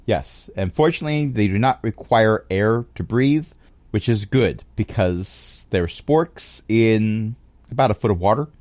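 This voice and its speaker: A man narrating a tabletop game as game master, pausing often with fillers. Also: on the low side, lively intonation, a little mellow. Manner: hesitant, with many fillers.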